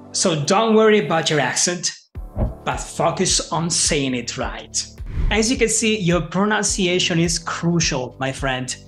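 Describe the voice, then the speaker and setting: A man's voice: sits high, a bit bright. A man in his thirties with an Italian accent, giving an upbeat, scripted English lesson straight to the viewer. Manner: upbeat, direct, encouraging. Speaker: English teacher.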